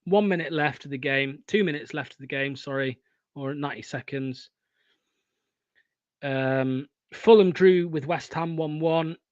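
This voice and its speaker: A young man hosting a live football watchalong, swearing often and swinging from excited shouting to deflated muttering. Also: a little high, measured pace, dry recording, dull audio. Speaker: fan watchalong host.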